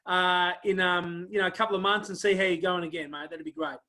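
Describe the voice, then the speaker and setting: A man's voice: sits high, fairly even intonation, brisk. Effusive man hosting a talk show. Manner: effusive, warm praise, many fillers. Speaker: interview show host. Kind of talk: casual interview chat and show sign-off.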